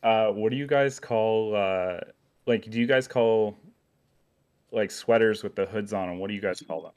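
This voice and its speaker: A man's voice: lowish voice, normal speed, darkish tone, clean tone. A man with a Western Canadian accent, chatting easily as a podcast guest and explaining things with a laugh. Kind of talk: casual chat.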